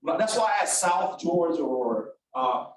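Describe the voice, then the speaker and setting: A man from Alabama leading an interactive classroom workshop, brisk and animated as he calls on the room. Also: on the high side, very echoey, far from the mic, slight background noise, rough recording. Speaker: workshop instructor. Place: large echoey classroom.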